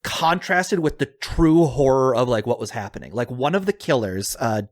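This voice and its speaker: A man's voice: medium pitch, expressive, moderate pace, no echo, studio quality. A man co-hosting a podcast in casual chat, chatty with lots of fillers and frequent laughs. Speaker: podcast co-host.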